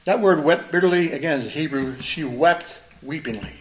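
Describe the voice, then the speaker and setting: An earnest, emphatic man preaches, reading scripture aloud and unpacking it phrase by phrase. His voice sits slightly high for a man and often repeats words to drive a point home. The sound carries a noticeable room echo. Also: normal speed. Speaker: pastor. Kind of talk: expository sermon, reading and explaining scripture.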